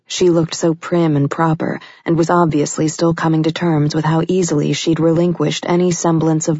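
A woman with a low, breathy voice reads audiobook prose in an even, intimate manner. She sits close to a dry mic with no room sound. The recording is a little dull and lo-fi. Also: dry recording. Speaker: audiobook narrator. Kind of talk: scripted audiobook narration.

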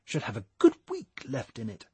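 A woman's voice: extremely low pitch, huge pitch swings, normal speed, dark tone, husky, dry recording, heavily acted. A man voicing a casual, teasing motherly woman in an audiobook. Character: breezy, motherly British woman.

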